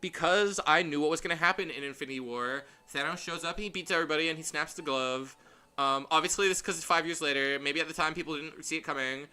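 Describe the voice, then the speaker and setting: Man, game streamer, casual commentary, rambling, animated, bright voice. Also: fairly high pitch, fast, clear, resonant tone.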